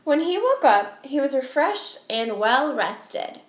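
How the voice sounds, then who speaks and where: Woman teacher, children's story read-aloud, expressive, asks listeners questions, fairly high voice, echoey room. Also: slow, a little hiss or hum.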